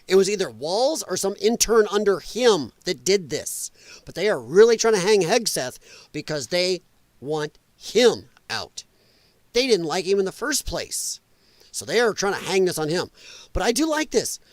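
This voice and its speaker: A man's voice: high voice, moderate pace, no echo. A middle-aged man from Illinois hosting a live political commentary stream. He swears freely, laughs often and slips into sarcastic, mocking voices. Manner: animated, drops into sarcastic mimicking voices.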